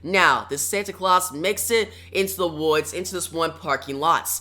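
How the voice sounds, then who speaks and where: Bright-voiced comic book reviewer. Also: mid-range voice, normal speed. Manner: starts most sentences with "now," adds "right?". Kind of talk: casual comic recap narration.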